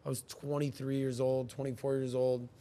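A man in his thirties hosting a casual chat, telling stories with animated, acted-out quotes. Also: normal speed. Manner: animated, acts out quoted people in higher voices. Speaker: podcast host.

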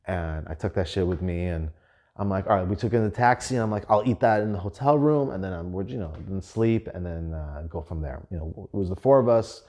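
A man hosting a podcast, telling casual stories in an animated, profane way with lots of fillers. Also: low-pitched, brisk. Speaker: podcast host. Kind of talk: casual storytelling.

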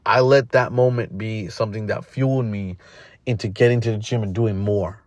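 A man's voice: on the low side, expressive, moderate pace, darkish tone, no echo, studio quality. A man hosting a podcast, giving a blunt, casual motivational monologue full of fillers and restarts. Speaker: podcast host.

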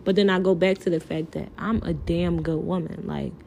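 A woman's voice: on the low side, fairly even intonation, moderate pace, gravelly, a little mellow, slight background noise. A woman hosting a podcast alone, talking in an impassioned, pleading way, full of filler words and swearing, close to tears. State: near tears. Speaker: podcast host. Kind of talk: emotional podcast monologue.

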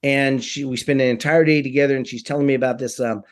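Talking fast in a mid-range voice, a man tells a personal story in casual conversation. He's animated and acts out the quoted voices of the people involved.

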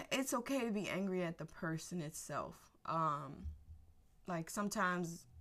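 Woman host, low gravelly voice, candid unscripted monologue with slangy emphasis. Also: a bit bright. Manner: candid, laughs between thoughts, drawn-out emphasis; casual slang, conversational and emphatic.

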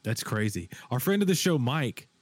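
Male podcast host, lively and rambling, mid-pitch, dry close sound. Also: normal speed, dry recording. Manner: animated, rambling, frequent fillers and restarts. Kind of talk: casual chat.

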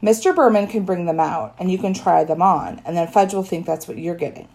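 A woman's voice: fairly low pitch, animated, brisk, creaky, darkish tone. A woman voicing a fussy, worried mother who scolds and coaxes her sons. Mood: coaxing. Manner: fretful, scolding.

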